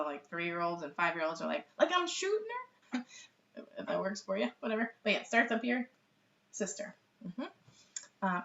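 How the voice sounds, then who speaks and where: A middle-aged woman teaches baby sign language in a casual, chatty live lesson, laughing often and saying lots of ums. Her voice is mid-range and a bit bright. It's recorded on a webcam, so the audio sounds roomy, distant and dull.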